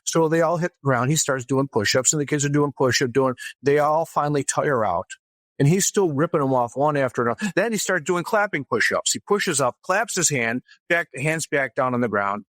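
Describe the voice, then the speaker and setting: A man with a fairly high voice tells a story as an interview guest, lively and casual. He often restarts his sentences as he goes. The recording is dry and close. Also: a little fast, dry recording. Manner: animated anecdote-telling with frequent restarts. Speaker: guest author.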